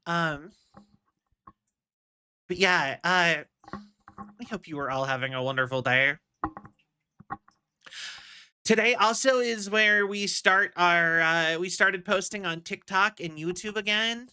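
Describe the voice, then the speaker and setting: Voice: medium pitch, takes it slowly, pauses often, pushed and bright, a little hiss or hum. A live streamer in casual, rambling chat with viewers, restarting sentences and saying "y'all". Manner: rambling, chatty, restarts a lot; uses "y'all".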